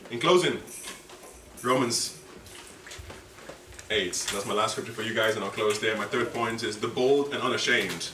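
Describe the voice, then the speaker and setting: A man preaching a sermon in a church, animated and dramatic, repeating key phrases and drawing responses from the congregation. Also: on the low side, moderate pace, pauses often. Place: church hall. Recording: echoey hall, distant mic, background noise.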